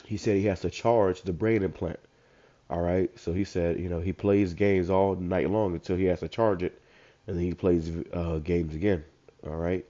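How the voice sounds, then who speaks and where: A man with a stuffed-up voice who reads verses slowly, then comments on them in casual slang. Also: low voice, fairly even intonation, mellow. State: congested, stuffed up. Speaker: street preacher. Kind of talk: informal scripture commentary. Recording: dull lo-fi recording.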